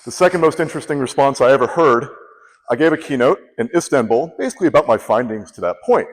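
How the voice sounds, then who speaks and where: Speaking fast in a mid-range voice, this man tells a funny story for a speech contest, animatedly performing each person he quotes. The sound carries a long hall reverb.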